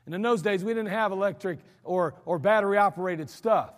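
Male American pastor, high-pitched, folksy storyteller, reverberant church sanctuary. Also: fairly quick. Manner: folksy, emphatic storytelling preacher. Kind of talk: sermon.

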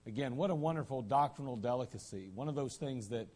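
A male pastor delivers a church sermon in a conversational, folksy way. His voice sits in an ordinary middle pitch. He often clears his throat and breaks off into joking asides. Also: fast talker, darkish tone.

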